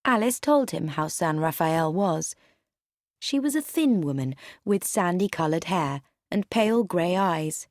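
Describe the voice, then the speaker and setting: A woman narrating an audiobook with expressive, varied storytelling. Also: fairly low pitch, a little slow, no room sound, studio quality.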